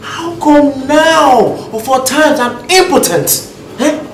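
A senator, incredulous and questioning, speaking slowly. His voice sounds echoey in a bare room. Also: very high-pitched, animated, a little hiss or hum, heavily acted. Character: baffled male senator. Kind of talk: Nollywood film acting.

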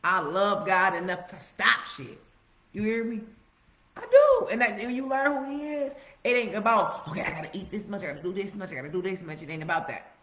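A woman giving a casual, profane motivational monologue, preaching with loud emphatic outbursts. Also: mid-range voice, fairly quick. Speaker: motivational vlogger. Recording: roomy, slightly muffled recording.

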